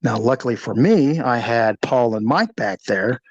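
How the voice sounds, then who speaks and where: A middle-aged man, a former police officer, telling a personal story in an animated, vivid way, acting out the sounds. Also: mid-range voice, normal speed, no echo, lo-fi sound. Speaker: retired police officer recounting a shooting. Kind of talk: storytelling in an interview.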